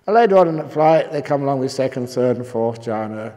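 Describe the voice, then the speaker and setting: A man's voice: medium pitch, expressive, fairly quick, dark tone. An older man, a Buddhist monk, giving a humorous dharma talk at a meditation retreat, telling jokes and stories with the odd cough. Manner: joking storyteller, occasional coughs. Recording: long hall reverb.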